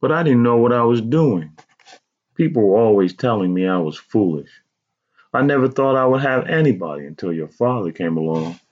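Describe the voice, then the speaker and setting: A man's voice: lowish voice, lively intonation, moderate pace, gravelly, dull audio, pitched above the performer's own voice. A man voicing a regretful mother who recounts a painful youth, speaking in a raised, strained voice. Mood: pained. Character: pained, regretful mother recalling a hard youth.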